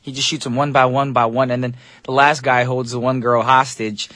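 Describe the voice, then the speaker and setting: A man's voice: medium pitch, level tone, a little fast, hardly any pauses, a bit bright, no room sound. A man hosting a radio show as DJ, talking in a casual, upbeat, chatty way with loose fillers, from a studio microphone.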